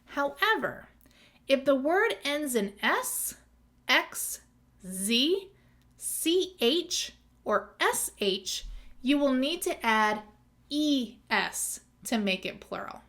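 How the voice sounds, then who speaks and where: A woman's voice: high voice, very animated, slow, a bit bright. A woman teaching as an exam tutor in a methodical lesson, spelling out words letter by letter. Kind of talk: scripted lesson.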